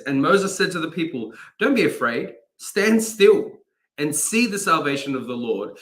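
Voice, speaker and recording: A man's voice: on the high side, fairly bright tone. A man, a chaplain, giving an informal daily devotional talk, reading scripture and breaking off with self-corrections and asides.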